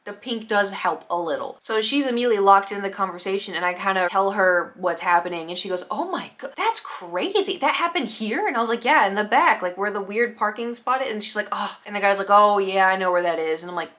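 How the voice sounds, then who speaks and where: A young woman telling a storytime vlog, animated, acting out other people's lines in quick quoted voices. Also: mid-range voice. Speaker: vlogger. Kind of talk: casual storytime.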